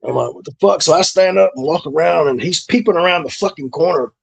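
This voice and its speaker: A man's voice: a little high, fast, creaky, breathy edge. A middle-aged man, a former pro wrestler, telling stories from his career in a laid-back, profane way, with lots of fillers. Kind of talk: casual storytelling interview.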